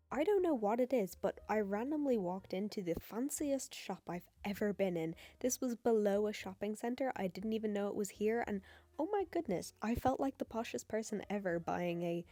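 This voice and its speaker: A woman's voice: mid-range voice, moderate pace, few pauses, warm tone. Jokey English woman baker vlogging. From United Kingdom. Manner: jokey, self-mocking, chatty asides. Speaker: baker and video creator. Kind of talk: casual vlog chat. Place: home, tripod camera.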